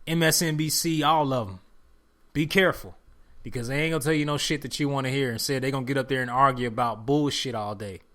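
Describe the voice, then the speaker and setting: A man's voice: mid-range voice, fairly bright tone. A man hosting his own podcast, talking alone in casual slang and preaching to his listeners, repeating his points for emphasis. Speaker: podcast host. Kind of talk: solo podcast monologue.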